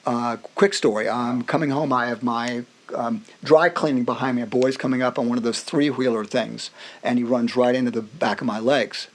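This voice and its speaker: A middle-aged man, a music professor guest on a podcast, telling personal stories in an animated way, acting out other people's voices and often restarting his sentences. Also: mid-range voice, normal speed. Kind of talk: personal storytelling in a conversation.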